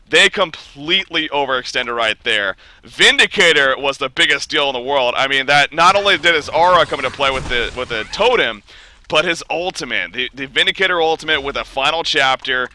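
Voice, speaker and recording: A young man casting an esports match, his voice worn hoarse from being under the weather, climbing into shouts when fights break out. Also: on the high side, fairly quick. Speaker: esports caster. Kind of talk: play-by-play esports commentary.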